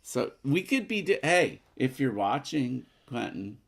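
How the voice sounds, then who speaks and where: Male co-host for a game playthrough, rambling and chatty, with a gravelly voice. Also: medium pitch, sing-song, measured pace. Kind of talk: casual chat during a game playthrough.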